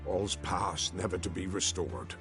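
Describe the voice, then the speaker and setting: A haunted rustic villager. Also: male voice, low voice, measured pace. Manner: rustic dialect, pleading and grim. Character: shaken male villager haunted by a massacre. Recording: game audio with loud music.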